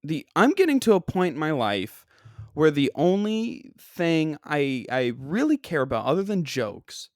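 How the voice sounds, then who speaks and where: A man telling a comic story on his podcast, rambling and poking fun at himself, often doubling back mid-sentence. His voice is smooth and clear, recorded dry and close. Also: fairly high pitch, sing-song, a little slow, dry recording. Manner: rambling, self-deprecating, many restarts. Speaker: podcast host. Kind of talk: comedic storytelling. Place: New York.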